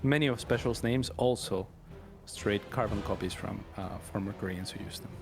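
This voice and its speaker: A man's voice: on the low side, normal speed, music in the background. A man co-casting a live strategy game match, analytical with dry teasing banter. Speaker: esports co-caster.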